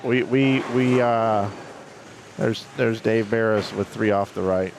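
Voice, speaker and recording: A man's voice: lowish voice, slow, noisy background. A man commentating a live bowling stream, rambling through chatty stories between play calls.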